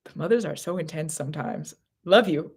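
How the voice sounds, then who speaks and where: A woman's voice: sits low, fairly quick, darkish tone, slightly rough. A woman giving a live psychic reading from home, intense and repetitive, breaking into bursts of laughter. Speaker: tarot reader. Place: home living room.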